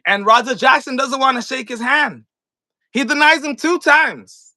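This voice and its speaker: A man's voice: extremely high pitch, moderate pace, bright, forceful tone, dry recording. A man vlogging a casual, slangy commentary rant, swearing freely and talking straight to his viewers while acting out what happened. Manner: acts out scenes with props while talking.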